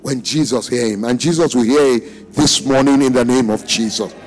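A man preaching a sermon as pastor at a church service, swinging between loud shouts and near-whispers and calling on the congregation to answer. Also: medium pitch, normal speed, faint music behind.

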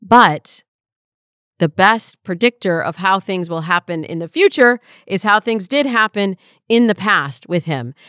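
A woman's voice: medium pitch, animated, measured pace, fairly bright tone, clean tone, no room sound, studio quality. A woman in her forties hosting an advice podcast, answering listener questions as a dating coach in a reflective, conversational way.

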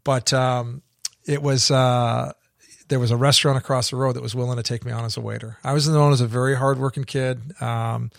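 A middle-aged man from Canada, a guest in an interview, telling his story in a halting way with many restarts. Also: medium pitch, little pitch movement, creaky, no room sound, studio quality.

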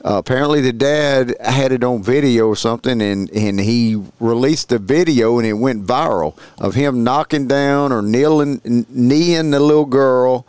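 A man's voice: medium pitch, normal speed, hardly any pauses, darkish tone, clear, resonant tone, dry recording. A man co-hosting a podcast, retelling news stories in profane, rambling banter. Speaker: podcast co-host.

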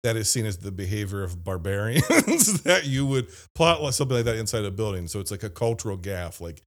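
A man's voice: fairly low pitch, sing-song, a little fast. A man from Ohio hosting a casual movie-review podcast, laughing often and mimicking lines from films. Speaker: podcast host.

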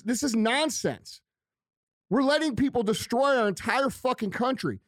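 A man's voice: extremely high pitch, no echo, clean studio sound. A man delivering a heated, profane rant on his own show, hammering his points by repeating them. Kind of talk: angry ranting monologue.

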